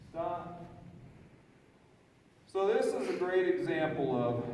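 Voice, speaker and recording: A man demonstrating horse groundwork in an outdoor round pen, talking in a relaxed, folksy way and chatting to the horse, picked up from far off. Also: fairly high pitch, very echoey, big-room sound, a little hiss or hum. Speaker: horse trainer. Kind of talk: instructional demonstration.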